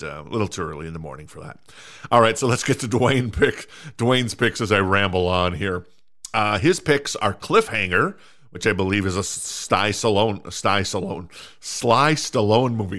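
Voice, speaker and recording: Middle-aged male podcast host, lowish voice, casual and rambling, self-mocking. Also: a bit bright. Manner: rambling, self-mocking, many fillers and restarts. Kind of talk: casual solo podcast chat.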